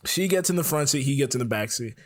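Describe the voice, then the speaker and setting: A man from Florida, a guest on a podcast, telling a long story in easy, casual talk. His voice sits at a middling pitch, and he drops into the lines of the people he describes. The sound is dry and close, with little room around it. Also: expressive, fast talker, no echo. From Florida, USA. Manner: laid-back, laughs often, acts out dialogue.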